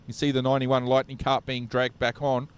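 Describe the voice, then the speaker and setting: A man calling live kart racing from trackside, brisk play-by-play. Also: medium pitch, level tone, clean tone. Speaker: race commentator. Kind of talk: live motorsport commentary. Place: trackside at an outdoor dirt kart circuit.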